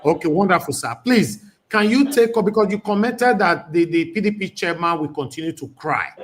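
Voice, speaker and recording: A man's voice: high-pitched, animated, a little fast, a bit bright, slight background noise. A man hosting a live talk show, courteous with guests and stern with rude commenters. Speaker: host.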